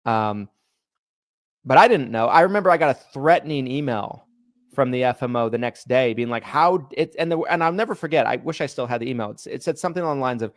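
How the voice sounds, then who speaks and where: A man co-hosting a casual podcast, his mid-pitched voice recorded close and dry. He tells stories with energy and puts on the voices of the people he quotes. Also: fast talker, no echo. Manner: animated storyteller, acts out quoted people. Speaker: podcast co-host.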